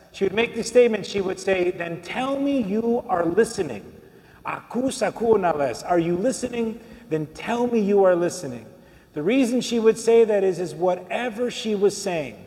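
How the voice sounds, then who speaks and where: A man's voice: sits high, a little mellow, long reverb tail. A man giving a conversational sermon to his congregation, asking them questions as he goes. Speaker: priest. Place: church.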